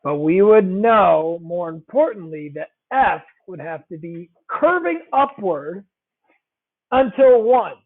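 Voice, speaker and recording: A man's voice: sits high, expressive, slow pace. A man teaching a math lesson, talking conversationally, repeating key phrases and checking in with the class. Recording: tinny phone-like audio.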